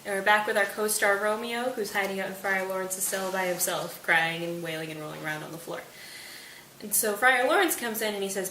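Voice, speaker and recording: A woman's voice: medium pitch, bright, forceful tone, recorded from a distance. A young woman casually summarizing a play for a study video, in a breezy, slangy way. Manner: breezy, slangy retelling with quick quoted asides. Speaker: student presenter. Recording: echoey room, off-mic, faint hiss.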